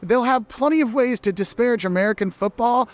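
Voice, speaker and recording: A man's voice: very high voice, fairly quick. A man living in England giving chatty, emphatic advice in a casual vlog.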